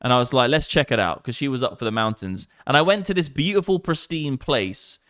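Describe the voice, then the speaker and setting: A man in his thirties with an English accent, rambling excitedly and swearing often on a casual livestream. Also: medium pitch, fairly quick, no echo, studio quality. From England. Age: 30s. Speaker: crypto streamer.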